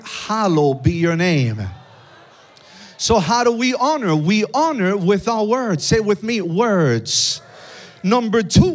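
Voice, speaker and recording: Man, pastor preaching, high expressive voice, slow deliberate delivery, call-and-response with congregation. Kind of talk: sermon. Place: church sanctuary with live congregation.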